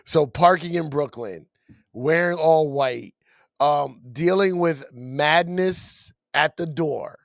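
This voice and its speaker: A man tells a story on a podcast and acts out the lines of the people in it. His voice sits a little high, and he laughs as he goes. The studio mic is close and dry. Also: slow pace, vocal fry, no echo. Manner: animated storyteller who acts out quotes, laughs often. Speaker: podcast co-host. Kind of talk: casual storytelling chat.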